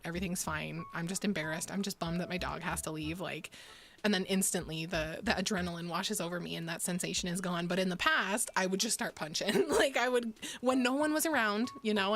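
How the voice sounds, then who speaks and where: A woman's voice: lowish voice, fairly bright tone. Profane, laughing woman streamer chatting. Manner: candid and profane, laughs often, gasps at stories. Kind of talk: casual chat reading viewer messages.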